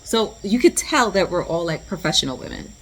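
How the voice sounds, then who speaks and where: A woman vlogger telling a story in a lively, slangy way, full of "like" and asides to the viewer. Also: lowish voice, fairly quick, a little hiss or hum. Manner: animated, slangy storytelling with lots of "like". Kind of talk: storytime vlog.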